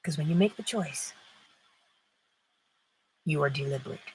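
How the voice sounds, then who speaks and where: A woman's voice: low-pitched, measured pace, a little hiss or hum, poor audio. A woman hosting an inspirational talk, speaking emphatically and posing rhetorical questions that she answers herself. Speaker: host.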